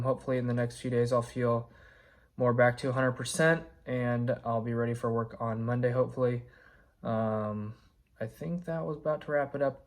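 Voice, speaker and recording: A man with a hoarse, sick-sounding voice, casually updating his viewers in a rambling way with lots of fillers. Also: medium pitch. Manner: relaxed, rambling with many fillers. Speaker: vlogger, electrician.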